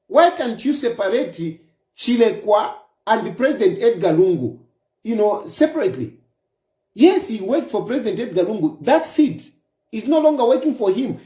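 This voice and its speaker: A Zambian-accented man delivering an opinion monologue with a warm, mellow tone. His pitch swings widely as he presses his points again and again with rhetorical questions. The sound carries a noticeable room echo. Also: sing-song, moderate pace. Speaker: political commentator.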